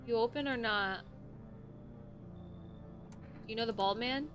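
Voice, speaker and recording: A woman's voice: a little high, takes it slowly, soft background music. A woman voicing a creepy, menacing visitor who speaks in short, broken phrases. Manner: broken clipped English, short flat phrases.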